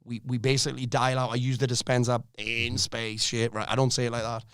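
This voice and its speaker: Life coach guy on a podcast, blunt, swears a lot, mid pitch, dry close sound. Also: fairly quick, clear, resonant tone, no echo. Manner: blunt, energetic, swears freely. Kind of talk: casual podcast conversation.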